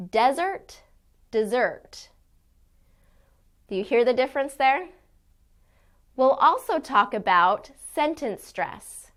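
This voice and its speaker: Clear-speaking woman pronunciation teacher. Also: a little high. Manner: clear, deliberate modeling of sounds. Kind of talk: scripted lesson.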